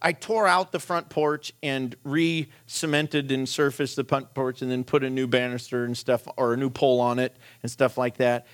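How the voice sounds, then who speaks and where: A middle-aged man preaching, telling a humorous personal story in an animated, self-deprecating way and laughing as he goes. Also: medium pitch, normal speed, few pauses.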